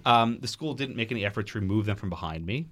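Animated man telling a story, lively pitch. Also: fast, noisy background. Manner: animated, quotes people in changing voices. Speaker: podcast guest. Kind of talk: storytelling in a podcast interview. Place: podcast studio.

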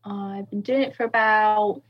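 Giggly husky woman, lo-fi sound. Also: mid-range voice, fairly even intonation, a little slow. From England. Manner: giggly, hesitant with fillers. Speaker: podcast guest. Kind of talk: casual chat.

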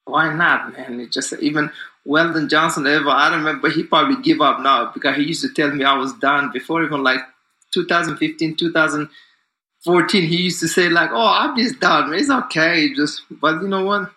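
Upbeat, confident man with a bright voice. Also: fairly high pitch, fairly even intonation, a little fast. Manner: confident and upbeat, loose and rambling with many fillers. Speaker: guest, distance runner. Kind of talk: casual interview talk. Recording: echoey room.

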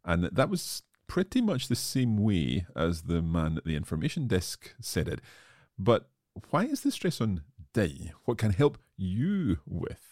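A man's voice: low-pitched, huge pitch swings, unhurried, a little mellow, dry recording, clean studio sound. A man hosting a language lesson podcast, joking at his own expense while discussing phrases with a teacher. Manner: self-deprecating, joking. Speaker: podcast host learning Swedish.

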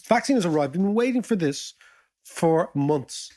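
Speaking at a normal speed in a voice that sits high, a man hosts a podcast alongside a co-host. The chat is casual and lively, full of jokes and animated storytelling.

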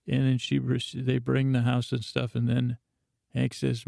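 A man's voice: mid-range voice, measured pace, dry recording, clean studio sound. A man hosting a podcast, giving a meandering bedtime recap full of fillers. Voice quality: gravelly. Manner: meandering, monotone, filler-heavy. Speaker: podcast host.

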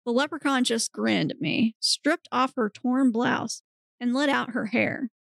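A woman's voice: a little high, unhurried, creaky, no room sound, clean studio sound. A woman podcast host narrating a story aloud in a comedic reading, straight-faced with occasional giggles. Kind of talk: comedic reading of erotic fiction.

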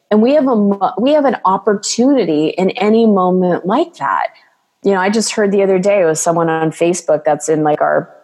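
A woman's voice: fairly low pitch, dark tone, big-room sound. A woman coach speaking as a guest in an interview, talking in an earnest, flowing way and acting out quoted voices. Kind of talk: casual interview talk.

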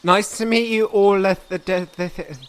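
A woman's voice: medium pitch, steady tone, normal speed, crowd noise, lightly acted. A woman voicing a shy, awkward young male elf who stammers and apologizes often. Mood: flustered, shy.

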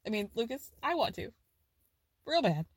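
A woman's voice: fairly high pitch, big pitch swings, moderate pace, slightly rough, no room sound, studio quality. A woman hosting a podcast, giving a chatty, profane recap of a reality show and laughing often. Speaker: podcast host. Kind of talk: casual pop culture recap.

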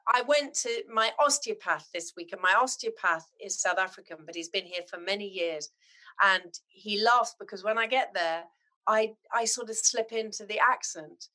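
A middle-aged woman from Zimbabwe, chatting as a podcast guest and telling animated, heartfelt stories. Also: medium pitch, normal speed. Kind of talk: casual chat.

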